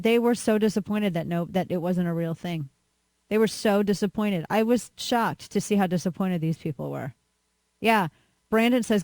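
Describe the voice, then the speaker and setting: A woman's voice: medium pitch, normal speed, a little mellow, no echo. Woman, talk radio host; sarcastic rambling rant, dry close-miked studio voice.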